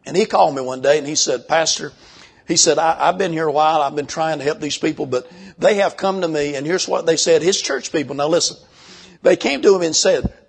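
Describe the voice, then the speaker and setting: An older man preaching a sermon, folksy and emphatic, slowing down when he reads scripture. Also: a little high, creaky, slightly rough.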